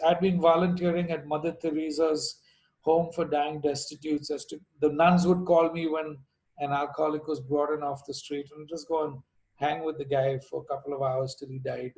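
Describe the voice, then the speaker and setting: A man's voice: a little high, little pitch movement, normal speed, a little mellow, poor audio. A middle-aged man from India telling his recovery story to a meeting, with dry jokes and asides along the way.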